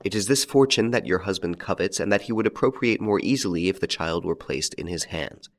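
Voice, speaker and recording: A man playing a calm, masterful gentleman rescuer, courteous and commanding. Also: low-pitched, a little fast. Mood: probing.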